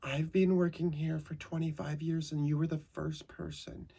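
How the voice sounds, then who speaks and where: A man voicing a gushing, pious middle-aged female nurse in a high, soft, sweet tone. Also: flat delivery, normal speed, gravelly, slightly rough.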